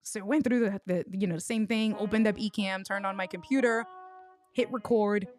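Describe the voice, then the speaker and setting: A woman's voice: mid-range voice, steady tone. A woman hosting a casual livestream, telling a tech mishap story and greeting viewers by name with lots of restarts. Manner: tells stories with quick restarts. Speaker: livestream host.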